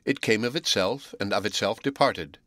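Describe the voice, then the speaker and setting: A man with a fairly low voice reads a classic novel aloud. His storytelling is measured and even, recorded close and dry with no room sound. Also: no echo. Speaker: audiobook narrator.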